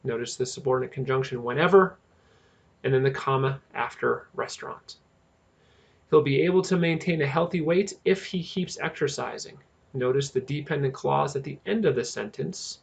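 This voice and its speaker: A male teacher narrating a grammar lesson, speaking slowly and deliberately and stressing key terms. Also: mid-range voice, vocal fry, husky.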